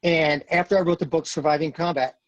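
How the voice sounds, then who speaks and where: A retired Marine in his fifties tells a story as a podcast guest, blunt and earnest, repeating phrases for emphasis. His voice is fairly high and fairly even in intonation, his pace brisk. The recording is rough, with no room sound.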